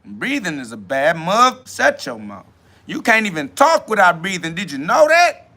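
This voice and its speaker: A man hosting a self-talk podcast, ranting loudly and boastfully in profane slang and mockingly imitating other people's questions. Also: sits high, wildly swooping pitch, moderate pace. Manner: loud, boastful, swearing slang rant with bursts of laughter. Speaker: podcast host.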